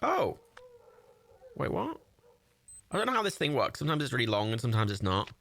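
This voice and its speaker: A man's voice: mid-range voice, wildly swooping pitch, a little fast, creaky, a bit bright. A young man chatting casually while playing a building game, often confused, laughing and swearing. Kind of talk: casual gameplay chat.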